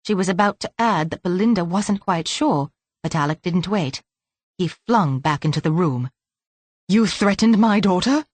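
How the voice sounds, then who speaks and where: A woman's voice: on the low side, no room sound. A woman narrating an audiobook in a light, lilting read on a close microphone. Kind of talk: scripted narration.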